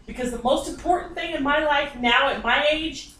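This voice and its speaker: A woman's voice: high voice, moderate pace, a bit bright, a little hiss or hum. Blunt, swearing woman medium, echoey room. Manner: blunt, profane and insistent. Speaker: psychic medium. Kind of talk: emotional psychic reading. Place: inside a private home. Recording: echoey room, distant mic, faint ambience.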